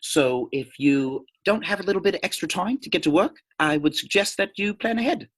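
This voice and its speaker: A man's voice: high voice, animated, a bit bright, husky, exaggerated voice. A man putting on a fumbling British weatherman. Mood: playful. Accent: put-on British. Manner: halting, with many fillers. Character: male weatherman with a fake British accent.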